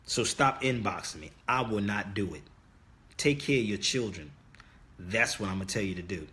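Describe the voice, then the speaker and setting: A lowish voice with lively intonation, normal speed, and a pushed, bright edge belongs to a middle-aged man hosting a livestream. He talks directly to viewers in an insistent, sermon-like casual preaching monologue, repeating his key words.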